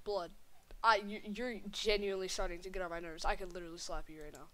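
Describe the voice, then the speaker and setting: A woman's voice: on the low side, steady tone, fairly quick, fairly bright tone. A woman doing comedic voice acting for a plush animation, trading exasperated, slang-filled bickering between characters.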